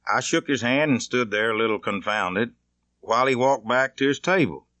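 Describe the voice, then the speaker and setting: A man's voice: mid-range voice, fairly bright tone, no echo. Plainspoken man reading his memoir. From Mississippi, US. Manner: plainspoken, measured, conversational storytelling. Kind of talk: audiobook narration.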